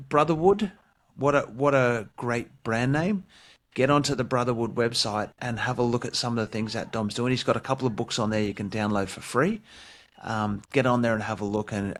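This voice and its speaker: A man's voice: lowish voice, steady tone, moderate pace, a bit bright. A man with an Australian accent hosting a podcast interview, effusive and full of praise, calling his guest mate. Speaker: podcast host. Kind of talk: casual interview chat.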